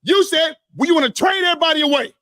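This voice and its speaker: A young man co-hosting a sports podcast, loud and insistent, arguing in a heated debate. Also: very high voice, very fast, dry recording, studio quality. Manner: loud, insistent, says he always talks this way. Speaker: podcast co-host.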